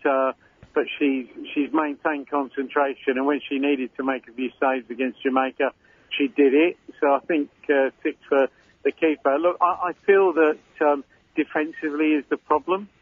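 A man's voice: fairly high pitch, fairly even intonation, moderate pace, husky, no room sound. Cockney man pundit on a tinny phone line. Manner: chatty, rambling analysis with fillers. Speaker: football pundit. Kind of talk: casual radio chat.

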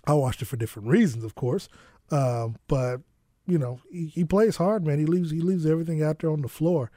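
A man co-hosting sports talk radio from a studio, his voice mellow and dark. He talks in a laid-back, rambling way, full of "you know"s. The studio sound is close and dry. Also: a little high, fairly quick, dry recording.

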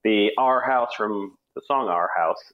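A man's voice: on the low side, a little slow. Man on a dull lo-fi line. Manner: brief acknowledgments, reads a ranked list. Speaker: podcast host. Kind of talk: casual music chat. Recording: dull lo-fi sound.

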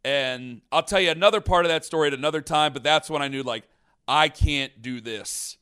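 Rambling animated male storyteller. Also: a little high, fairly quick, clear, resonant tone. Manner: rambling, animated, many restarts. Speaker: podcast host. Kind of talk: casual storytelling.

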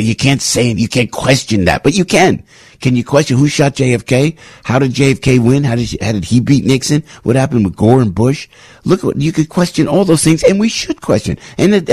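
This is an older New York-accented host of a morning talk radio show, speaking bluntly and rambling, restarting often and rising in pitch as he grows worked up. His voice is a little mellow and slightly rough. It's studio quality with no echo.

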